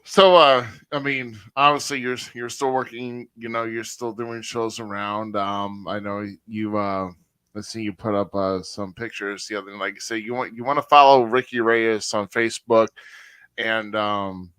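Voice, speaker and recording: A man hosting a casual podcast interview, with a low, bright, forceful voice. He laughs easily and stumbles through his questions with many ums. The sound is dry and close. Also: steady tone, clean tone, no room sound. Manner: laughs often, halting with fillers. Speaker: podcast host.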